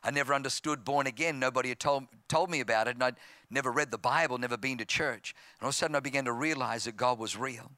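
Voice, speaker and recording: A fast-talking Australian man in his fifties, medium in pitch, preaches his testimony as a pastor in a dry recording. His storytelling includes acted-out voices and builds to a loud, impassioned pitch.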